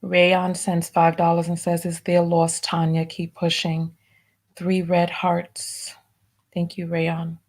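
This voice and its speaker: A woman hosting a live stream, reading out viewer donation messages and softly thanking each one. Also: lowish voice, completely flat delivery, slow. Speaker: livestream host.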